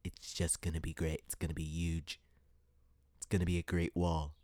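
A man's voice: low voice, monotone, normal speed, warm tone, no echo, pitched below the performer's own voice, close to an everyday voice. A man putting on an impression of a boastful older male politician who repeats grand, vague promises. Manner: repetitive bragging promises.

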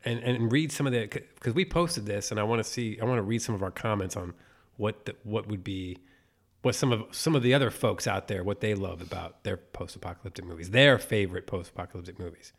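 A man's voice: lowish voice, a little fast. A man co-hosting a podcast, chatting casually and animatedly about movies, swearing and laughing often. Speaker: podcast co-host. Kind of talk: casual chat.

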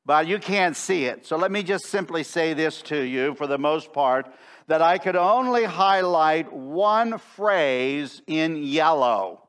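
A middle-aged man preaching a sermon in a church, emphatic and slowing down to stress key phrases. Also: on the high side, lively intonation, a bit bright. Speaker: pastor. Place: church sanctuary.

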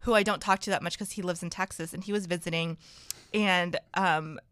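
A woman's voice: on the low side, steady tone, a little fast, fairly bright tone, smooth, dry recording, clean studio sound. A young woman in casual chat, teasing and laughing often.

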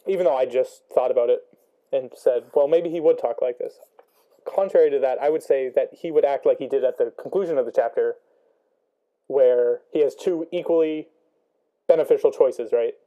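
A man's voice: mid-range voice, normal speed, phone-quality sound. A young man talking through a book chapter casually, thinking aloud with many ums and rhetorical questions. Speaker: student discussing a book.

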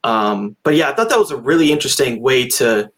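A man's voice: medium pitch, brisk. Joking man co-hosting a film podcast. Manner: relaxed, joking, laughs at own points. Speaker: podcast co-host. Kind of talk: casual film review chat.

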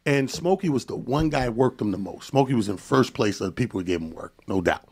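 A male comedian telling a story on a podcast in an animated, profane way, acting out the dialogue. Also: mid-range voice, a little fast, slightly rough. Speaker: comedian guest.

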